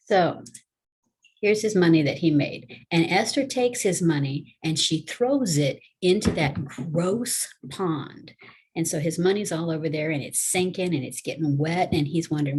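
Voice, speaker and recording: A retired teacher, explaining things step by step in a chatty, folksy way during a casual video lesson recorded at home. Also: female voice, fairly low pitch, unhurried, a little mellow, husky.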